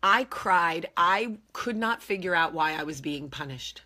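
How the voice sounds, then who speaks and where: A woman with a husky, slightly low voice tells a personal story as the host of her own show. She sounds bright and forceful, and she is candid and animated throughout. She acts out the lines of the people in her story. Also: unhurried.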